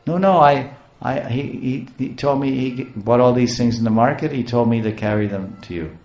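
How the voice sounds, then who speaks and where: A man's voice: mid-range voice, normal speed, a little mellow, muffled recording, faint music behind, close to an everyday voice. A man voicing a small boy who insists earnestly, in a slightly raised voice. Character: small divine boy carrying a heavy load. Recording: roomy echo.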